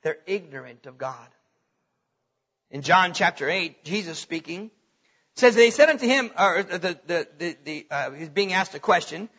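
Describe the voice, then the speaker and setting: A man's voice: high voice, animated, measured pace, fairly bright tone, breathy edge, dull audio. A man preaching a sermon as pastor, reading scripture aloud with bursts of emphasis.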